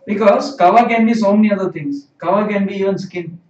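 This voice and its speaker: A man's voice: high voice, quick pace, darkish tone. A man teaching a live-streamed language lesson, explaining patiently and repeating phrases. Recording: roomy, distant, dull sound.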